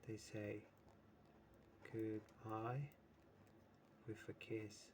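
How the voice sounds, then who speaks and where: A man's voice: on the low side, completely flat delivery, drawn-out words, noisy background. A man teaching an English lesson who explains with many examples and keeps checking in with "right?". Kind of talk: slow, patient English lesson.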